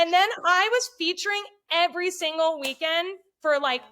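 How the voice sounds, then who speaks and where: Woman, high voice, bright tone, swearing, animated storytelling. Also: normal speed, slight background noise. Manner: profane, animated, acts out quotes. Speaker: podcast guest. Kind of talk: casual storytelling chat.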